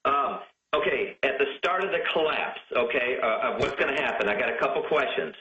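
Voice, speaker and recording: A male caller on a radio show, asking hesitant, halting questions. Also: medium pitch, sharp tone, echoey room, highs cut off.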